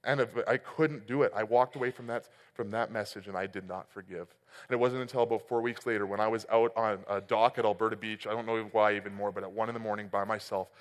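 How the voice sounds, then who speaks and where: A man's voice: medium pitch, steady tone, a little fast. Man preaching in a reverberant hall. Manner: personal storytelling with swings from loud to quiet. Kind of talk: sermon. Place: church hall.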